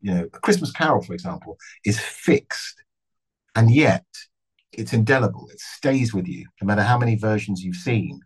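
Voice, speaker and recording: A middle-aged man, an actor, answering interview questions thoughtfully, with measured phrasing and frequent restarts. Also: on the low side, lively intonation, breathy edge, rough recording.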